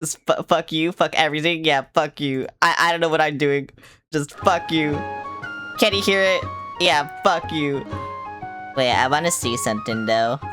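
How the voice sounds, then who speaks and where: Woman, low voice, gaming livestream, hyper, rambling, playfully profane. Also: a little fast, few pauses, over music. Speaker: streamer. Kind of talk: casual gaming livestream chatter.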